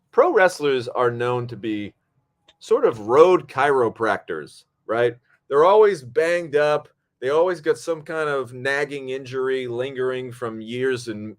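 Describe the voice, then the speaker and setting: A man hosting a podcast, spinning a story in loose, casual talk. He is animated and swears freely, and he acts out each person's lines. His voice sits in a middling pitch. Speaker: podcast host.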